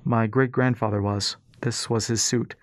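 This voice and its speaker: Big grave machine man, low commanding voice, dry sound, narrator doing it. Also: level tone, moderate pace, no echo, lightly acted. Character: towering male machine warrior, low and commanding.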